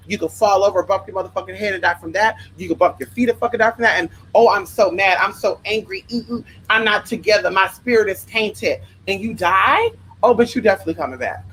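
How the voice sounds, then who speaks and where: A woman's voice: medium pitch, a bit bright, a little hiss or hum, rough recording. A young woman from Los Angeles hosting a livestream, giving spiritual advice in an emphatic, profane, sassy rant that keeps calling listeners honey. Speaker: livestream host.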